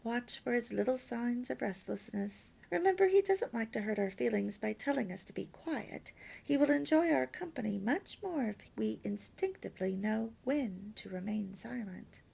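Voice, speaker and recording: A woman's voice: on the high side, animated, normal speed, vocal fry, hardly any pauses, a little mellow, breathy edge. A woman reading a homemaking lesson aloud as a story, lilting and emphatic with near-whispered asides. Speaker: reader of a homemaking course.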